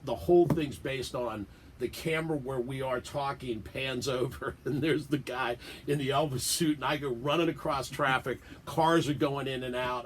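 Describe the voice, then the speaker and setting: In a radio studio, a middle-aged guest from around Washington DC animatedly tells stories for a casual interview, laughing and performing the quoted lines. His voice is mid-range, with a little hiss or hum in the recording.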